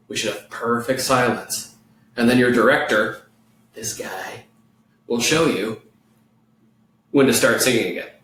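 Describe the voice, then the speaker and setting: A man teaching a children's music lesson, playful and clear, singing along with his guitar. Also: mid-range voice, fairly bright tone, a little hiss or hum. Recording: echoey room, mic far off, guitar playing.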